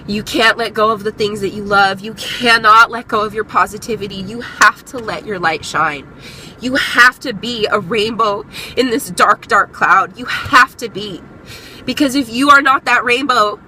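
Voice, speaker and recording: A woman's voice: medium pitch, a little slow, pushed and bright, a little hiss or hum, rough recording. A young woman vlogger giving a candid, earnest motivational talk, encouraging her viewers and swearing freely.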